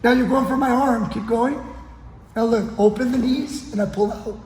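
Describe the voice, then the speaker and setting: A man's voice: extremely high pitch, moderate pace, a little mellow, a little hiss or hum. A man coaching grappling as he demonstrates a technique on the mats, often checking in with his partner as he goes. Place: training gym on the mats. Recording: echoey gym with long reverb.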